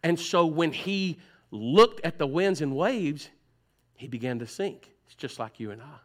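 A man's voice: a little high, expressive, a little slow. A man preaching a sermon in a church. He talks conversationally, teases his listeners and acts out their complaints. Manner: conversational preaching, teasing the congregation, mimics voices. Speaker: pastor. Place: church sanctuary.

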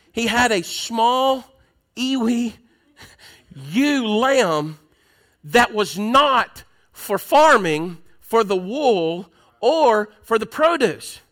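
A man's voice: high voice, sharp tone. A man preaching a sermon to a congregation in a church, telling stories in a conversational way and calling out to the people. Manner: conversational storytelling, addressing the congregation.

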